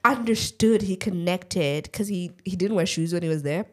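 In a very noisy recording, a young woman with a lowish voice tells a story at normal speed while co-hosting a laid-back podcast. Laughter runs through it, and she performs the quotes with animated flair.

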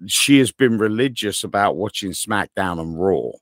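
A man's voice: fairly low pitch, normal speed, no echo, clean studio sound. A man co-hosting a podcast, telling rambling, profane stories in casual chat. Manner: animated, rambling and profane storyteller. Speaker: podcast co-host.

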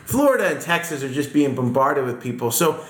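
A man co-hosting a casual chat, talking haltingly with many fillers and restarts. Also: on the high side, very animated, a bit bright, roomy sound.

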